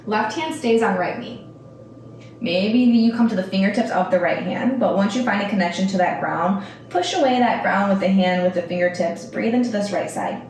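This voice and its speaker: A woman instructor guiding a yoga class, calmly cueing breath and movement with casual, rambling asides. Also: medium pitch, moderate pace, slight background noise. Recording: echoey room, mic at a distance.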